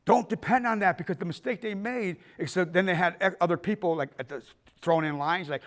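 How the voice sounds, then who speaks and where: A man's voice: sits high, fairly quick, a bit bright. A middle-aged man giving a filmmaking workshop talk, telling stories with acted-out quotes and the odd swear. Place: arts center auditorium.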